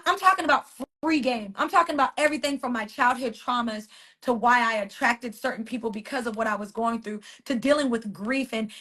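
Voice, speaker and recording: A woman's voice: sits high, sharp tone. A woman hosting a casual motivational live stream from her phone, talking emphatically, repeating phrases and chatting with viewers. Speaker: author and wellness coach hosting a weekly live stream.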